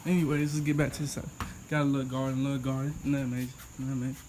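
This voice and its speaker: A man's voice: mid-range voice, level tone, rapid-fire, darkish tone, a little hiss or hum. A young man vlogging outdoors on a phone camera, exasperated and repeating himself as he shows damage. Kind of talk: dramatic vlog walkthrough.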